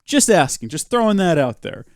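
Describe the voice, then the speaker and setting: A man's voice: high-pitched, big pitch swings, normal speed, no echo. Young male game streamer, dry close mic, chatty and self-mocking. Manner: chatty, self-mocking, answers chat as he plays. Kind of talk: casual live-stream commentary while playing.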